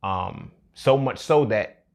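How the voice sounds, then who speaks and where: A man's voice: lowish voice, animated, slow pace, a little mellow. A man hosting a show, talking casually and reflectively, with lots of profanity and streetwise phrasing. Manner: profane, streetwise, reflective, says "you feel me" often. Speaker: podcast host. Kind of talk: casual personal monologue.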